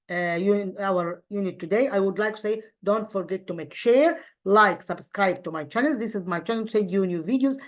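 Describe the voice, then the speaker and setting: Halting woman teacher. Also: mid-range voice, lo-fi sound. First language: Arabic. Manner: halting, many fillers and restarts. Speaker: English teacher. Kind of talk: online English lesson for children.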